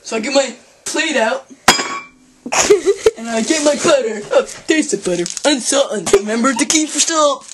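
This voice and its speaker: High-voiced goofy woman hosting a spoof cooking show. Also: expressive, a little slow. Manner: goofy, exaggerated, with sudden outbursts. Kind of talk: deadpan comic cooking demonstration. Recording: noisy home video recording.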